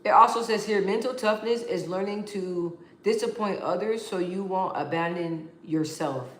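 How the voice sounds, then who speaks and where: Medium in pitch and normal in speed, a young adult woman's voice carries casual, heartfelt vlog talk that is candid, emotional, and rambling. She frequently restarts and repeats words, and the recording has a roomy echo.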